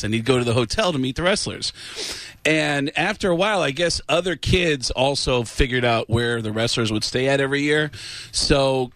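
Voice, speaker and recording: Male comedian guest, middle pitch, lively anecdotes, dry studio sound. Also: dry recording. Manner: animated storyteller, jumps into high voices for quotes. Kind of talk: casual radio interview chat. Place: radio studio.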